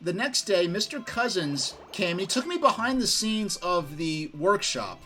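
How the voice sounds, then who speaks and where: A man's voice: high-pitched, very animated, a little slow, bright, forceful tone, soft background music. A man from New York streaming a game, chatting casually and telling rambling, enthusiastic stories. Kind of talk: casual gaming stream chat.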